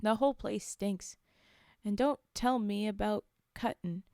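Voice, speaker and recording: A woman's voice: mid-range voice, a little slow, gravelly, a little mellow, no room sound, clean studio sound. Woman reading as a grumbling old father. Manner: grumbling, scolding. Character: gruff old man, bitter grumbling father.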